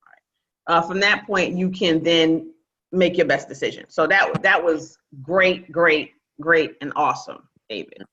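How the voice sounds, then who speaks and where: A woman's voice: low-pitched, a little slow, a bit bright. A woman from Brooklyn, hosting a real estate training call in a chatty coaching manner. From Brooklyn, New York. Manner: chatty, repeats phrases, coaching tone. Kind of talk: casual online training call. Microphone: video call. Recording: dull lo-fi video call audio.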